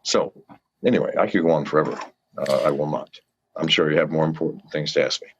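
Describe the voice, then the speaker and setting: A man's voice: rumbling low, fairly even intonation, quick pace, slight background noise. An older man, a guest in an interview, ranting with fiery, profane pleas to his listeners in a dull lo-fi recording. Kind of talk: impassioned rant in an interview.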